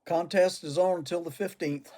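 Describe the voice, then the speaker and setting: This older cigar vlogger's voice sits high yet has a dark tone, with fairly even intonation at normal speed. Talking to camera, he shares childhood stories and cigar chat, chuckling often.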